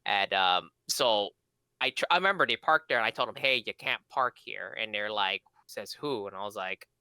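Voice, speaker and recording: Podcast co-host, young man, bright clear tone, rambling anecdotes, dry close sound. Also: on the low side, expressive, fairly quick, no echo. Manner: rambling, many fillers and restarts. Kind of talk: casual storytelling chat.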